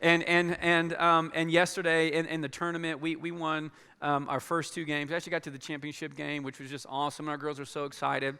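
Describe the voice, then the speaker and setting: A man speaking as a pastor to his church in a large auditorium, earnest and halting, with many restarts. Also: on the high side, completely flat delivery, pushed and bright, clean tone. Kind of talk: church announcement and sermon. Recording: long hall reverb.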